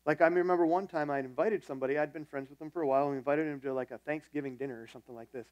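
A man's voice: a little high, fairly even intonation, racing, darkish tone, no room sound, dull audio. Conversational male pastor with a dry sound. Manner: conversational storytelling, self-deprecating. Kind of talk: sermon.

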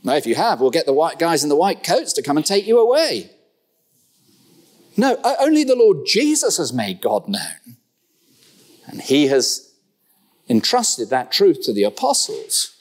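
A man preaching a sermon in a church, animated and humorous, firing rhetorical questions at his listeners. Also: a little high, measured pace, pauses often, husky.

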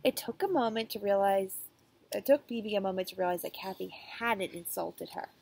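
Woman teacher, story read-aloud for kids, chatty and self-correcting, gravelly texture. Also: medium pitch, normal speed, darkish tone, poor audio. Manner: casual asides with fillers and self-corrections. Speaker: teacher reading aloud to students. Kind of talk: reading a children's chapter book aloud.

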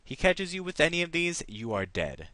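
A man's voice: fairly high pitch, big pitch swings, moderate pace, bright, forceful tone, no room sound. A man hosting a let's play, chatting and reading game text aloud.

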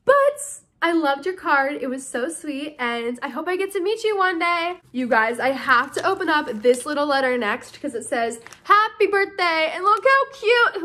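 Young woman, early twenties, vlogger, gushing, casual fan-mail chat, lively high voice. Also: normal speed, few pauses. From United States. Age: early 20s. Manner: bubbly, gushing, reads letters aloud. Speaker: YouTuber opening fan mail.

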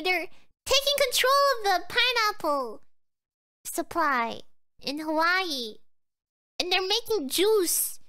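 A sleepy young woman streamer rambles drowsily to her viewers in a casual livestream chat, often trailing off. Her voice is very high-pitched, bright and forceful.

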